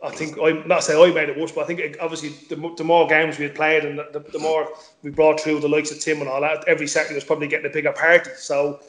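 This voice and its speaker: A man's voice: a little high, level tone, fast talker, a bit bright, roomy sound. A middle-aged man, a former footballer chatting as a guest, repeating words and swearing casually. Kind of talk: casual interview chat.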